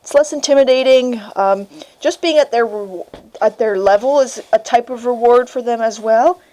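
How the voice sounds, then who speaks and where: A young woman dog breeder talking casually while filming on a handheld camera in her kitchen, calmly explaining each step and switching to a high sing-song voice for the puppy. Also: moderate pace, low-quality recording. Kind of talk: casual instructional vlog. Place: home kitchen, indoors. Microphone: handheld camera mic.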